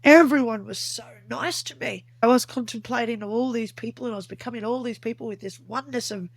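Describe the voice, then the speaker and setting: This woman, a guest on an interview podcast, speaks in a fairly high voice at a quick clip, with no room sound around her. She earnestly tells a vivid personal story, acting out the dialogue she remembers.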